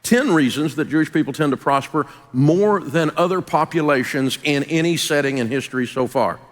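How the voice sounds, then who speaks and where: A man's voice: on the high side, normal speed, big-room sound. A man with a Southern US accent hosting a radio show, telling stories in a folksy, emphatic, motivational way. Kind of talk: motivational talk-show monologue.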